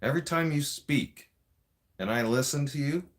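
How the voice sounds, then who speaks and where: A man's voice: on the high side, moderate pace. A Canadian man delivering an angry, profane political rant in a vlog. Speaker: vlogger.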